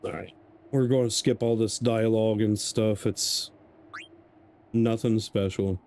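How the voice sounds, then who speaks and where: Rambling, mellow-voiced male game streamer. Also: fairly low pitch, fairly even intonation, measured pace, a little hiss or hum. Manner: rambling storyteller, laughs often. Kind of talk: casual gameplay commentary.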